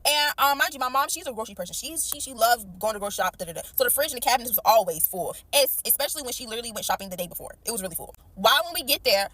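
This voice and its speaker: Young woman, casual storyteller, very fast and slangy, slightly high voice, dry close sound. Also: no echo. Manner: animated, slangy, acts out quoted lines.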